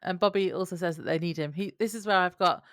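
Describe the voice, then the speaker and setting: A woman's voice: lowish voice, quick pace, no echo, clean studio sound. A woman co-hosting a podcast who laughs often and reads from her notes in casual chat. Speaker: podcast co-host.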